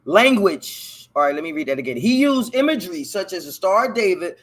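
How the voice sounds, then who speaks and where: A man with a slightly higher voice hosts a casual solo show. He reads a text aloud, stumbling over hard words. He keeps breaking off to talk back to it in loose, profane slang. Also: sing-song, brisk, fairly bright tone. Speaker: podcast host.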